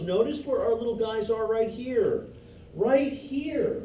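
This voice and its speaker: A man teaching an anatomy class in a lively, joking way, teasing his students as he goes. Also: extremely high pitch, unhurried. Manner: lively, jokey, teases students. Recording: echoey classroom, distant mic, faint hiss.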